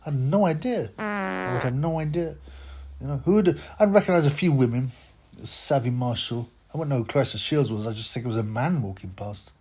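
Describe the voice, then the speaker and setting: A man's voice: a little high, lively intonation, brisk, a little mellow. A man hosting a boxing channel, talking in a rambling, mocking rant with lots of stammered restarts. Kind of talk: casual rant to camera.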